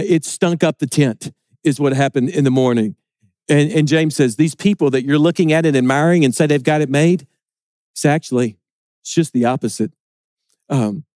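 High-voiced man preaching a sermon. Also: a little mellow, no echo, clean studio sound. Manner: earnest, repeats words when building emphasis.

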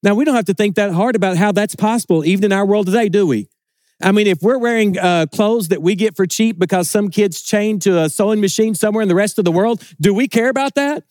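A man's voice: high-pitched, fast talker, darkish tone, dry recording, studio quality. A man preaching a sermon in an earnest way, often repeating words as he builds emphasis.

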